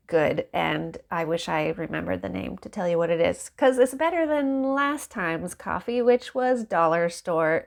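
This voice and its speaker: A woman's voice: lowish voice, creaky. A woman in a casual chat at home by a window, talking in a rambling, chatty way and laughing often. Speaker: book vlogger.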